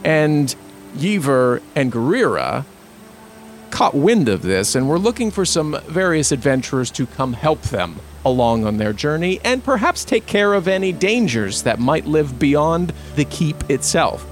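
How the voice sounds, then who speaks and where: A man narrating as the game master of a tabletop role-playing game, describing scenes slowly with pauses. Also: on the high side, big pitch swings, soft background music.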